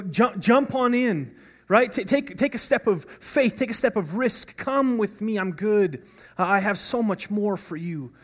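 A man preaching a sermon as pastor in a conversational way, often asking "right?" and restarting his words. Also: high voice. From North America.

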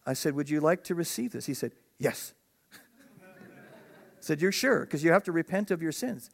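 A man pastoring his congregation, his voice sitting a little high for a man. He preaches in an easy, conversational way. Now and then he rises into emphatic, ringing peaks. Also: animated, normal speed, vocal fry. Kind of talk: sermon.

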